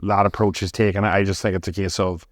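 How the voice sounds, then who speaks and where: A man's voice: sits low, no echo, clean studio sound. A man, a podcast guest telling stories in casual chat, swearing freely. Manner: fast, animated storytelling with frequent swearing.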